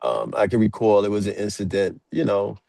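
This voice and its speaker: A man in his forties, a podcast guest, talking in a relaxed storytelling way with lots of fillers. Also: lowish voice, fairly quick, gravelly, no echo. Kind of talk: casual storytelling.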